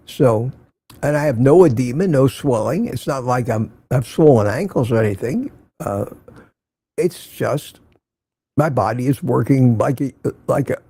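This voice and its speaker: A man's voice: mid-range voice, mellow, slightly rough, no room sound. An older man from Central Florida hosting a casual morning livestream, rambling and reading out viewer comments. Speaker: livestream host.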